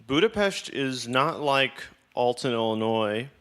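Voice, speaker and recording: A man's voice: medium pitch, lively intonation, unhurried, a bit bright, smooth. Rambling, cursing podcast man. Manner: rambling, profane, wry. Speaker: podcast host. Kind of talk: casual chat.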